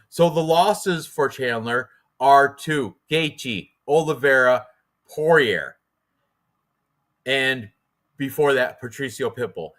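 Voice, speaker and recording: Rambling, excitable male fight-picks host. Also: on the high side. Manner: rambling, excitable, lots of fillers and restarts. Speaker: host of a fight prediction show. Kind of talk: casual chat, fight predictions.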